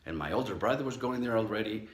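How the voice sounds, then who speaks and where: A man's voice: fairly low pitch, expressive, quick pace, reverberant. A middle-aged man, a psychologist, giving a motivational talk and telling a personal story, acting out the voices he quotes. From Southern California. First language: not English.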